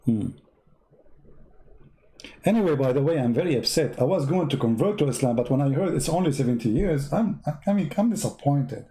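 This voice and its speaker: This host, a native Arabic speaker with an Arabic accent, talks in a mid-range, dark-toned voice that is expressive and fairly quick yet pauses often. His religious commentary in broken English is sarcastic, with broken grammar and repetitive counting.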